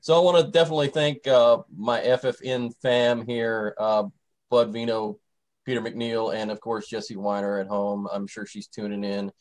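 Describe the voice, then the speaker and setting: Brief: lower-voiced male radio host, casual and rambling, lots of ums and uhs. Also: little pitch movement, normal speed, darkish tone, poor audio. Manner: rambling, loose, lots of fillers. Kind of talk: casual radio show chat.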